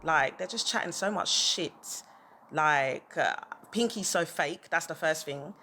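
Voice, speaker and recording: A woman's voice: sits low, measured pace, pushed and bright, slight background noise. A woman ranting on a livestream, heated and repetitive, hammering her points over and over. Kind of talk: livestream rant.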